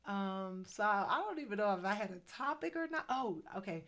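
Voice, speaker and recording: A woman in her fifties talking casually to her camera about faith, chatty and preachy, with quick asides. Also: mid-range voice, fairly bright tone. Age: 50s. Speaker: faith vlogger. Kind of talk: casual faith-based vlog talk.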